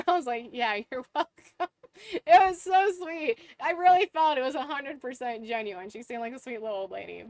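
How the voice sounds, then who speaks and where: A woman's voice: high-pitched, fairly bright tone, dry recording. A young woman streamer telling a story in casual chat, laughing often and swearing now and then.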